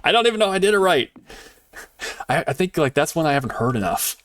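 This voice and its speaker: Give me a lively male streamer chatting with his chat, pitch jumping all over. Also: fast, dry recording. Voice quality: animated, laughs often, jumps between excited shouts and quiet muttering. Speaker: game streamer. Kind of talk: casual live-stream chat.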